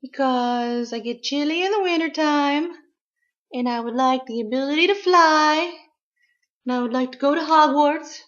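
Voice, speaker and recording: A woman's voice: sits high, normal speed, a bit bright, pitched above the performer's own voice. A woman voicing her pampered pet cat in sweet, cooing baby talk. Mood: pleading. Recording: echoey room, slightly dull sound.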